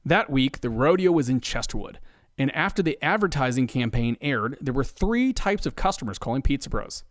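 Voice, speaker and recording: A man telling a scripted comedy story with deadpan asides. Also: medium pitch, normal speed, no room sound, studio quality. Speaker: podcast narrator.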